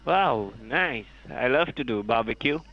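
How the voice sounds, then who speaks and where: A man's voice: medium pitch, expressive, a little slow. A man on a phone call making eager, repetitive small talk as a phone scammer. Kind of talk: phone conversation. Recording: dull phone line.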